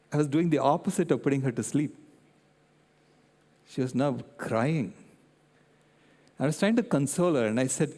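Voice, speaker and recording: An older man giving a public talk, an animated storyteller who keeps checking in with his audience. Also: mid-range voice, normal speed, pauses often. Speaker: guest speaker. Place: convention centre hall. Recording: long reverb in a large hall.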